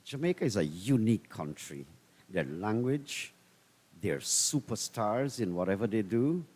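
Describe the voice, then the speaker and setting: A man with a low voice calls the cricket in an easygoing, chatty manner. A long reverb trails behind his commentary. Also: animated, a little slow, a little mellow. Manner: easygoing, conversational analysis.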